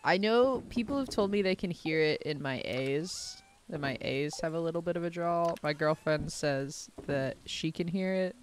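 Chatting casually while she games, this young Southern American woman has a deep voice with lively intonation, speaking at a moderate pace with few pauses. Her talk is full of fillers and jokes at her own expense, over a faint hiss or hum.

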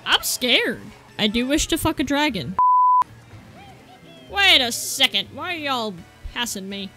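High, excitable woman yelling at a game. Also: a little slow, over loud music. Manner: excitable, yelping, crude jokes. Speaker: gaming YouTuber. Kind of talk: gameplay commentary.

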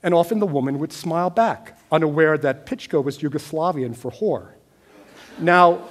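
Man, middle-aged, from the US, dry wry storyteller, fairly high voice. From United States. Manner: wry, deadpan storyteller, building to animated moments. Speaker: speaker telling a personal story on stage. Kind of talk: storytelling talk.

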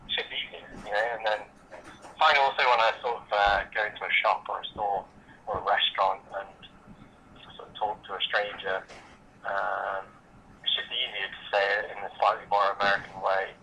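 Bright-voiced British man, hesitant chat. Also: fairly low pitch, steady tone, normal speed, slight background noise, poor audio. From Britain. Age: late 20s. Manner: hesitant, many fillers and restarts. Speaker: interviewee. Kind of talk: casual interview chat.

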